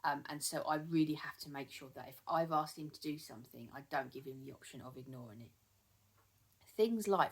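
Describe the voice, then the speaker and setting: A woman's voice: low voice, a bit bright. A woman who trains dogs, giving casual advice to camera, chatty with many ums and repeated words. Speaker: dog trainer.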